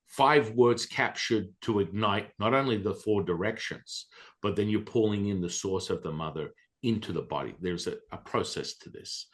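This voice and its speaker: A man telling a personal story as a podcast guest, animated and excitable, with casual profanity. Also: deep voice.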